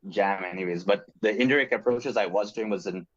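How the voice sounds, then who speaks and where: Deep-voiced guy asking a coach stuff, hesitant, lotta fillers, dull lo-fi call audio. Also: brisk. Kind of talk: livestream Q&A.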